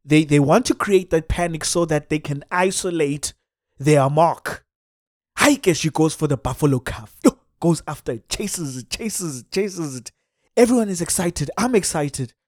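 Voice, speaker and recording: A man with a South African accent telling a comic story in an animated way, dropping in Xhosa exclamations. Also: a little high, normal speed, no room sound, studio quality.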